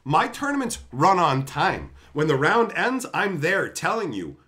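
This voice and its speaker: A man's voice: a little high, sing-song, measured pace, bright, forceful tone. A man hosting a stream, telling stories in a blunt, profane, fiery rant. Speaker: stream host and tournament organizer. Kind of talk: heated storytelling rant.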